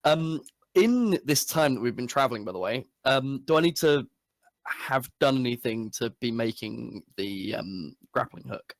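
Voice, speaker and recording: A man's voice: mid-range voice, animated, measured pace, no room sound. A man playing a tabletop game, speaking casually with fillers. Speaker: player.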